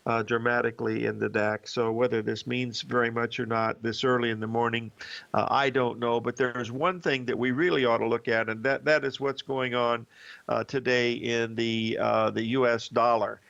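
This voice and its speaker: Male host of a financial chart show, gravelly, talking loosely with fillers; muffled broadcast sound. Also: mid-range voice, level tone, normal speed, a bit bright. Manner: rambling, with many fillers and restarts. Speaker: host and market analyst. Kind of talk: live market commentary show.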